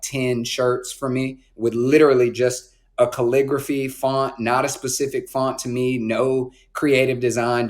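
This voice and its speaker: A man in his twenties from North Carolina, a podcast guest telling stories in a relaxed, slangy way with plenty of "like" and "bro". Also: mid-range voice. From Raleigh, North Carolina. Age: 20s. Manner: laid-back slang, frequent "like" and "bro". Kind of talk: casual storytelling.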